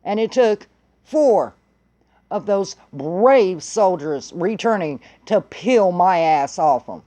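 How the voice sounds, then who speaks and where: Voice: mid-range voice, animated, takes it slowly, dark tone. A vlogger telling a story in a blunt, heated way and swearing freely. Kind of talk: casual profane storytelling.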